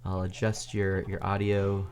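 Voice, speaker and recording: A man's voice: deep voice, monotone, unhurried, darkish tone, a little hiss or hum. A man streaming a building game, chatting casually with viewers, chatty and self-deprecating, laughing often. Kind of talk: casual gaming stream chat.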